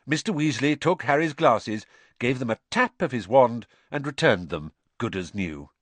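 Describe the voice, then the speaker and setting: A man reading an audiobook in an animated storytelling manner. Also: medium pitch, moderate pace, no room sound. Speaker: audiobook narrator. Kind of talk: scripted narration.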